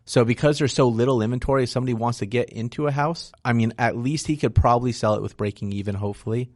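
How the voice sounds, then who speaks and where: A man's voice: medium pitch, quick pace, darkish tone, no room sound, studio quality. A man speaking as a real estate investor guest in a casual interview, frank and explanatory, often tagging "right?" onto his points.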